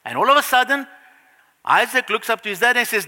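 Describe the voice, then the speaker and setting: A male preacher telling a Bible story in a sermon, animated, with frequent restarts and sudden hushed passages, in a reverberant church hall. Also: very high voice, brisk.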